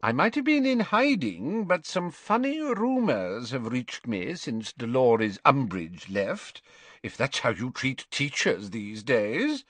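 A man's voice: medium pitch, big pitch swings, slow pace, fairly bright tone, no echo, pitched above the performer's own voice, heavily acted. A man voicing a fussy, blustering old male wizard who bursts into indignant protests.

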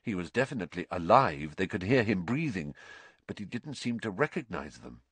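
Expressive low-voiced male storyteller. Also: fairly quick, breathy edge, no room sound. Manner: expressive, rising with the action. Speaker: audiobook narrator. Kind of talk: dramatic storybook reading.

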